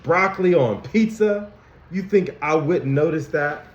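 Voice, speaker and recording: A man voicing Anger, a grumpy male emotion character, with a growly, gruff, emphatic delivery, reading a picture book aloud to young children. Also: on the high side, unhurried, pitched above the performer's own voice, close to an everyday voice. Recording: dull, echoey room recording.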